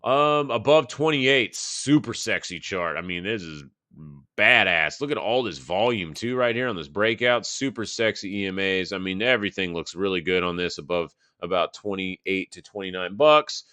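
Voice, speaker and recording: A man's voice: low voice, moderate pace, sharp tone, smooth, dry recording. A man in his thirties from Texas hosting a live market show, chatting casually and thinking aloud over charts, loose and profane with plenty of fillers. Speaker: market analysis host.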